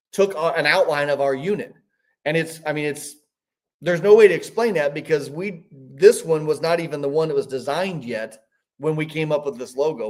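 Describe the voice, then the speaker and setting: A man in his fifties telling a story as a podcast guest, rambling with frequent restarts. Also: mid-range voice. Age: 50s. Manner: rambling, animated, many restarts. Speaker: podcast guest, business owner. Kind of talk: casual storytelling.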